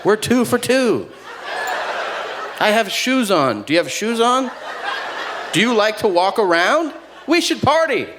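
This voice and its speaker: A man's voice: sits high, big pitch swings, a little slow, pauses often. A man doing a stand-up comedy set with dry storytelling, acting out both sides of conversations. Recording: noisy live comedy venue.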